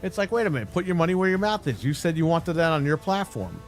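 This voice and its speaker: In a fast, sing-song delivery, a man with a fairly high voice rants heatedly on a live stream, faint music in the background. He swears heavily, speaks bluntly, and mocks the voices of those he's griping about.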